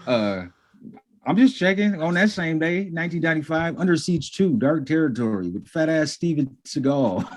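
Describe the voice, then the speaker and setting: A man's voice: a little high, expressive, normal speed. A man co-hosting a podcast in casual chat, slangy and swearing freely. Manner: slangy and profane, calls people bro. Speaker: podcast co-host.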